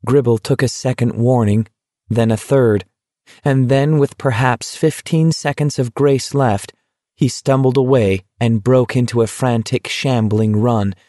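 A man reading a novel aloud as narrator, in a measured, deliberate way. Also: medium pitch, fairly even intonation, dark tone, no echo, studio quality. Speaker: audiobook narrator. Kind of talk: scripted narration.

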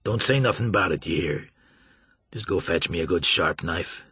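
A man voicing a gruff, stubborn middle-aged riverboat captain who talks in a rough folksy dialect. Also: low-pitched, normal speed, bright, forceful tone, no room sound, voice pushed down, heavily acted. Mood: urgent.

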